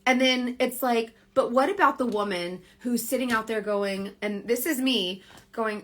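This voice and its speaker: On a casual phone livestream, a direct sales team leader offers rambling motivation, peppered with "like" and frequent self-corrections. Her somewhat high voice is a little slow and a bit bright.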